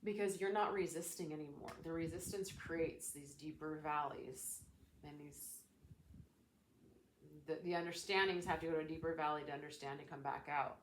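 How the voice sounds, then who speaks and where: A woman talking as a spiritual coach in a casual, gentle, reflective teaching style. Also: deep voice, fairly even intonation, moderate pace, slight background noise. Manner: gentle, soothing, reflective, with chatty fillers.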